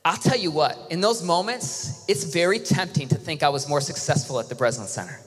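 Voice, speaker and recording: Earnest preacher in a reverberant auditorium. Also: male voice, a little high, lively intonation, a little fast, breathy edge. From Michigan. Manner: earnest, drops to a soft, intimate hush. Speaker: worship leader and preacher. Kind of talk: sermon. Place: large auditorium. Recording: live hall with long reverb, faint music.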